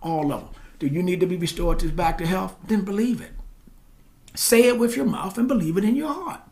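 A man preaching a sermon as pastor, swinging between loud exclamations and quiet asides and asking his listeners questions. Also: fairly high pitch, very animated, fairly quick.

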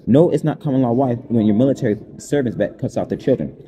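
Man, unscripted personal monologue: fast, rambling and aggrieved, with a deep, very warm and dark tone. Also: lively intonation, a little hiss or hum. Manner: rambling and aggrieved, jumping between events.

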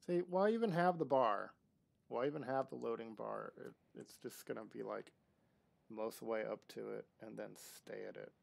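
A man's voice: fairly low pitch, flat delivery, normal speed, creaky. A man streaming a game live, chatting casually and talking to the objects on screen. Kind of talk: live gameplay commentary.

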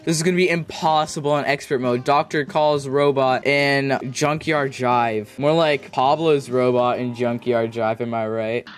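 A young man with a fairly high voice talks his way through a tough game, joking and complaining by turns. He shouts and cheers when fights turn, with game music playing faintly behind him. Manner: excitable, jokey, yells when losing. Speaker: gaming video host. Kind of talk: gameplay commentary.

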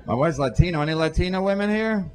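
A man's voice: a little high, expressive, soft background music. Brash, profane male stand-up comic. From Irish-American. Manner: brash, profane, quick asides to the crowd. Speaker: stand-up comedian. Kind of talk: stand-up comedy routine. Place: comedy club stage.

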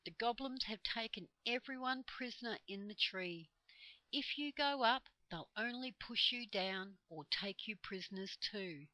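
A woman's voice: fairly high pitch, lively intonation, unhurried, pushed and bright, dry recording, pitched above the performer's own voice, rough recording. A woman voicing a small, helpful red squirrel in a storybook reading, with an anxious, confiding manner. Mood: worried.

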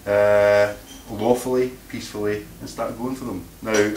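A man's voice: on the low side, level tone, moderate pace, darkish tone, faint music behind. Male meeting speaker, combative and plain-spoken, recorded far off in an echoey room. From Scotland. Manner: blunt, combative, repeats words while searching. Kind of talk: informal talk to a live audience.

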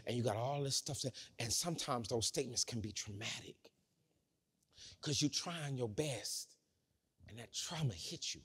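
Preacher, male, medium pitch, dramatic swings from loud to hushed, church hall reverb. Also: normal speed, slightly rough. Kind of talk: sermon. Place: church sanctuary.

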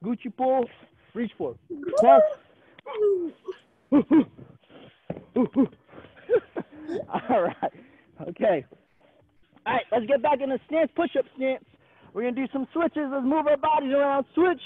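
A man's voice: very high-pitched, takes it slowly, pauses often, a little hiss or hum. A male gymnastics coach leading an online class over a video call, upbeat and encouraging, counting reps aloud and joking with the kids. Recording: tinny phone-like video call audio.

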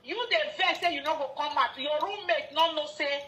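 Woman, casual gossip; high, sharp voice, teasing and scornful. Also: brisk.

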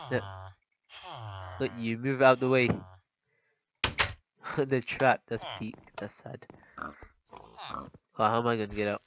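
A man's voice: mid-range voice, fairly even intonation, slow, long pauses, a crowd in the background, rough recording. Jumpy man narrating his gameplay. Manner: jumpy, easily startled, chatty. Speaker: gaming channel host. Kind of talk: casual gameplay commentary.

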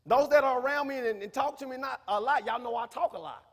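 A man, preaching a sermon in a church, who repeats himself and rises to shouts. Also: very high voice, fast talker, hardly any pauses, breathy edge. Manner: preaching, rising to shouts, talkative, repetitive. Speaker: minister. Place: church sanctuary. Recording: reverberant church hall.

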